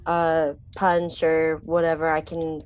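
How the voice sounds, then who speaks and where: A woman playing a tabletop game, speaking in an unhurried, hesitant way. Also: low-pitched, completely flat delivery, background noise. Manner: slow, unhurried. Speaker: player.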